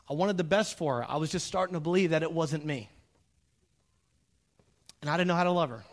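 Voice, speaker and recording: Middle-aged male pastor, higher-pitched voice for a man, lively humorous sermon delivery. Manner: animated, acts out quoted dialogue; humorous, direct address to the audience.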